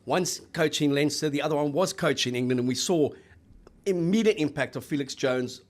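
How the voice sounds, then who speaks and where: A man's voice: a little high, normal speed. A South African man co-hosting a casual rugby chat, telling rambling stories with fillers. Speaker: co-host.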